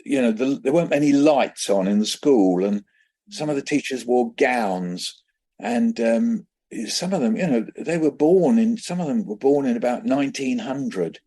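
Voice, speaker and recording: A man in his seventies from England, a children's poet guest telling lively anecdotes in an interview and acting out the voices in them. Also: mid-range voice, moderate pace. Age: 70s. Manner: lively anecdotal storyteller who acts out voices. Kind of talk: conversational storytelling interview.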